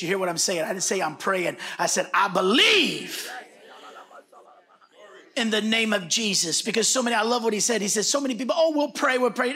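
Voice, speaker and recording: A man preaching a sermon, impassioned, swinging between shouted bursts and hushed whispers. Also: sits high.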